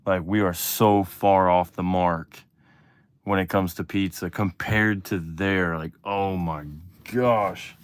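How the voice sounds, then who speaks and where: A man from Texas hosting a casual livestream, chatting with viewers in a relaxed, rambling way that turns eager at times. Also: takes it slowly, clear, resonant tone. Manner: relaxed, chatty, drifting from low mumbles to excited bursts. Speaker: livestream host. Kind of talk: casual livestream chat reading comments.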